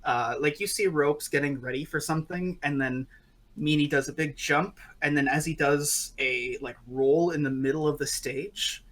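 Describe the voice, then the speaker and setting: A man's voice: on the high side, normal speed, fairly bright tone. A man running a tabletop game as game master, narrating in a rambling way with many fillers.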